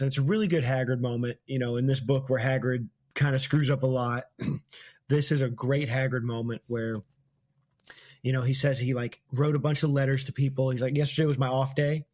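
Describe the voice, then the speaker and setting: A man chats through a book chapter as a podcast host, retelling scenes in a loose, casual way and laughing often. His voice sits at an ordinary middle pitch. The recording is close and dry. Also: fairly quick, darkish tone, no room sound.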